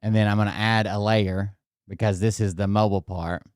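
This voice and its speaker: A man with a smooth, resonant voice rambles through a casual story, swearing freely and talking straight to his viewers. He is indoors at home, and the sound is dry and close, with no room echo. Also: lowish voice, steady tone, a little fast. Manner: rambling and profane, addresses viewers directly. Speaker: vlogger.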